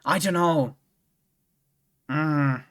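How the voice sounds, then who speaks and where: A man's voice: a little high, extremely slow, fairly bright tone, clear, resonant tone. A young man streaming a game, chatting casually and rambling with lots of restarts and swearing. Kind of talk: casual chat while playing a game.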